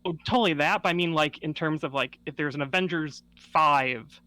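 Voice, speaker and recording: Bright easygoing podcast guy. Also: a little high, fairly quick. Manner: easygoing, agreeable, hedges with "I think". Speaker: podcast co-host. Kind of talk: casual chat.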